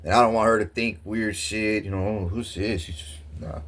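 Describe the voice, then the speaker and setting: A man with a lowish voice spins a wild personal story in casual vlog talk. He rambles and swears freely, his delivery excitable and loose. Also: a little fast. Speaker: vlogger.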